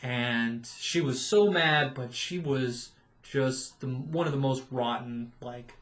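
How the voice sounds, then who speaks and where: A man's voice: mid-range voice, slow. A man telling sarcastic stories about his old job in a casual chat with friends. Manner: animated storyteller, sarcastic quoted asides. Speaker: podcast co-host, former theme park cast member.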